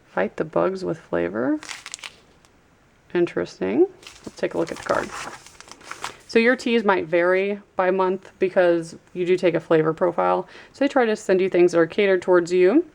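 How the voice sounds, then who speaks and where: A woman's voice: lowish voice, normal speed, gravelly, a little mellow, a little hiss or hum. A woman vlogger chatting casually as she unboxes products and reads out labels. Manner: chatty, trails off while reading labels. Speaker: YouTube vlogger.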